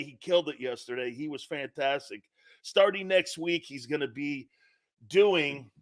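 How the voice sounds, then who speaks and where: A man hosting a sports talk show, shouting, taunting and laughing in a wildly excitable, mocking way. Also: high voice.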